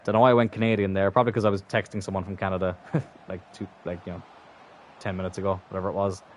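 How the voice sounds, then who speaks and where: A man's voice: low-pitched, flat delivery, fast, slight background noise. Exasperated man swearing at a game. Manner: swears constantly, exasperated outbursts then muttering. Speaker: gaming channel host. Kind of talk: live gameplay commentary.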